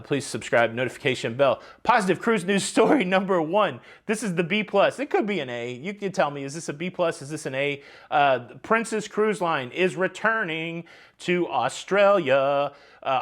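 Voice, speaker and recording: Man, upbeat vlog host, chatty, speaks a touch higher than most. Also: fairly bright tone. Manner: chatty, upbeat, addresses viewers directly. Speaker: cruise news vlogger. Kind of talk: casual vlog commentary. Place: outdoors by the ocean.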